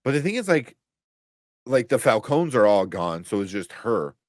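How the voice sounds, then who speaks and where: A man's voice: medium pitch, big pitch swings, moderate pace, no echo, clean studio sound. A man co-hosting a live show, talking casually with many fillers and restarts and laughing often. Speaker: podcast co-host reading chat. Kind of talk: casual live-stream chat.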